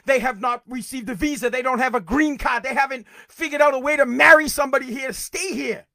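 A middle-aged man with a strikingly high voice hosts his own podcast. He rants heatedly and profanely, sometimes breaking into shouts, and his voice sits close and dry with no room sound. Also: dry recording. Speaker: podcast host. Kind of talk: political rant.

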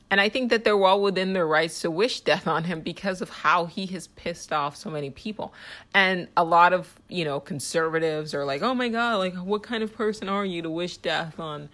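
A woman's voice: low-pitched, a bit bright. A woman hosting her own podcast, talking in a heated, rambling monologue full of "like" fillers. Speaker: podcast host. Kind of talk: casual monologue.

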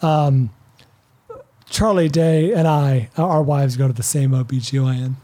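A man's voice: mid-range voice, unhurried, mellow. A man co-hosting a podcast, cutting in with dry teasing jokes. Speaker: podcast co-host. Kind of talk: casual chat.

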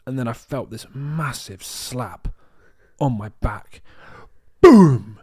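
A man from the UK co-hosting a podcast, telling a travel story in a rambling, animated way with lots of restarts. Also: medium pitch, slow pace, slightly rough. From United Kingdom. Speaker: podcast co-host. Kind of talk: casual storytelling chat.

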